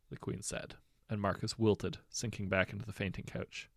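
A man's voice: fairly low pitch, level tone, moderate pace, vocal fry, no room sound, studio quality. A man narrating a comic fairy tale with wry conversational asides. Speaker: storyteller.

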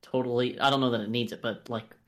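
An American man co-hosting a casual podcast, reviewing films in a lively, profane way and acting out quotes. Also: medium pitch, fast talker. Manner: animated, profane, acts out quoted voices. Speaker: podcast co-host. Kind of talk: casual film review chat.

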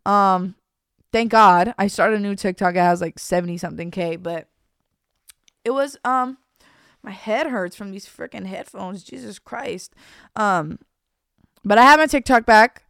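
A woman's voice: mid-range voice, a little slow, long pauses, a bit bright, clear, resonant tone, no room sound, studio quality. A young woman hosting her own podcast in a casual, confessional chat that rambles with repeated restarts and casual slang. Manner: rambling, fillers and restarts, says "bro". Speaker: podcast host.

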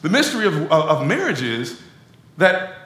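Male pastor, lively chatty sermon delivery, roomy echoing hall, speaks to the congregation directly. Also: fairly high pitch, moderate pace. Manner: animated conversational preaching, addresses crowd as y'all.

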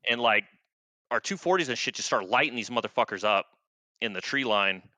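A man's voice: mid-range voice, lively intonation, brisk, sharp tone, dry recording. A man in his thirties, an army veteran guest, telling war stories in a laid-back, profane, rambling way with lots of fillers. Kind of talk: casual war storytelling.

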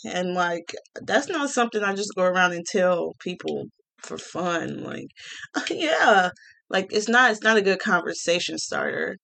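A woman's voice: fairly low pitch, expressive, measured pace, gravelly, a bit bright. A young woman from the Midwest, ranting casually in a blunt, sarcastic, profane way and laughing often. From Gary, Indiana. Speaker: vlogger.

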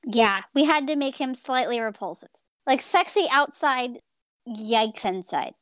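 A woman co-hosting a podcast in casual chat, bubbly and quick to laugh and agree. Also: a little high, lively intonation, a bit bright, dry recording, studio quality. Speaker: podcast co-host.

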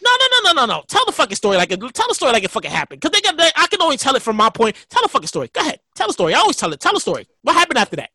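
A man in his thirties who was a DJ, telling a story in casual chat, loud and animated, repeating himself and shouting in bursts. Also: very high-pitched, rapid-fire, few pauses, slightly rough, dry recording.

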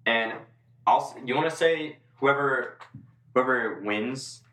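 A man's voice: medium pitch, slow pace, pushed and bright. Jokey man hosting a podcast. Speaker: podcast host. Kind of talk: casual podcast chat. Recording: roomy room with faint noise.

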